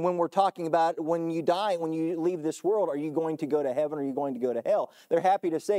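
A man preaches with an earnest push, his voice rising high on the big questions and sinking low when he turns reflective. His tone is mellow and warm, sitting a touch above the usual pitch for a man. He stumbles, repeats and restarts words as he goes. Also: a little fast, few pauses. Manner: earnest, rising to emphatic peaks then dropping low. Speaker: pastor. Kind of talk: sermon.

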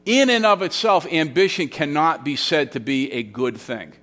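A man's voice: a little high, normal speed, a bit bright, faint music behind. A man preaching an expository sermon, explaining Greek grammar and telling a story in a conversational, teaching way, often repeating phrases. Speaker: pastor.

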